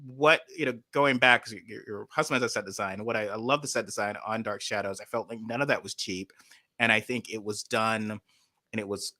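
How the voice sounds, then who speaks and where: A man's voice: lowish voice, fairly even intonation, brisk, pushed and bright, dry recording, clean studio sound. A man hosting a casual video chat, talking in a rambling, enthusiastic way. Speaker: host.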